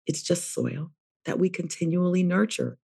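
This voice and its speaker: A woman's voice: on the low side, moderate pace, creaky, mellow, breathy edge. A middle-aged woman therapist, a guest on a podcast interview, talking in a reflective, emphatic way.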